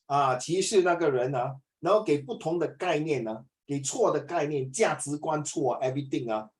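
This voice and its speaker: A man's voice: on the high side, moderate pace, poor audio. A Singaporean man teaching a class, chatty, slipping Chinese into his English and acting out little dialogues. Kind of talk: classroom lesson.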